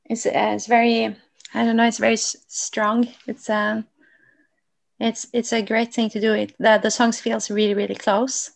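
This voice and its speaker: A woman's voice: on the high side, flat delivery, moderate pace, creaky. A woman interviewing a songwriter, enthusiastic and searching for words as she asks her questions. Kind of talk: casual interview.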